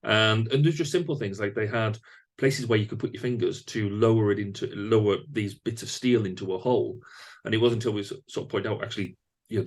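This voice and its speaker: A man hosting a podcast interview, talking thoughtfully with frequent fillers and restarts. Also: fairly low pitch. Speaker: podcast host. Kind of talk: conversational interview.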